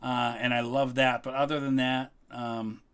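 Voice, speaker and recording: A middle-aged man chatting casually as a history video host, relaxed and thinking aloud with frequent ums. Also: medium pitch, a little slow, clean tone. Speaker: history YouTuber, guest co-host. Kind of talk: casual ranking chat.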